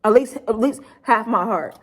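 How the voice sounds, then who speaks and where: A woman's voice: fairly high pitch, moderate pace, breathy edge. Young woman rambling through grief. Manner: rambling, heavy use of "like", blunt and profane. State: grieving, subdued. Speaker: YouTuber. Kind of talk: emotional storytime vlog.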